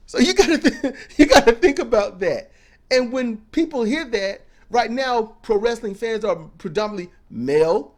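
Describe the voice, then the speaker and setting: A man co-hosting a casual commentary show, talking bluntly and swearing freely. His voice sits high and swings widely up and down as he lectures. He sounds preachy and outspoken. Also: animated, normal speed. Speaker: co-host commentator.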